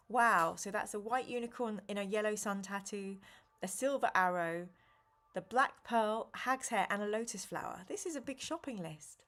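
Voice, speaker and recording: Animated woman reading a gamebook on stream. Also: medium pitch, moderate pace. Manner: animated, exclaiming and reacting to chat. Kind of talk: live-stream gamebook reading with chat banter.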